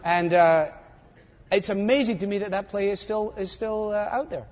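An older man preaching a sermon, animated and sarcastic, mimicking voices to make his points. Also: high voice, normal speed. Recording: dull lo-fi audio in a reverberant hall.

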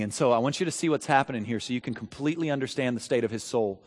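A man preaching a sermon in a church, chatting with the crowd through rhetorical questions and building to loud shouted peaks. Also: medium pitch, rapid-fire, few pauses. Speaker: pastor. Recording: long reverb of a large hall.

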